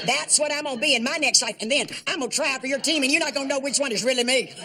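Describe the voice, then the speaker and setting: An actress playing a chatty, gossipy aunt who rambles through anecdotes and fusses over pronunciation, in a sitcom. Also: female voice, high voice, noisy background. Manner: rapid rambling anecdotes with a drawl. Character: chatty gossipy older Southern aunt, fussy about pronunciation.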